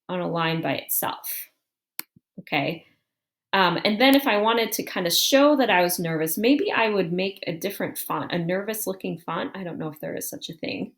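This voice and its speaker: A woman teaching a writing lesson, thinking aloud in a calm, explanatory way as she walks through an example on screen. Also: fairly low pitch.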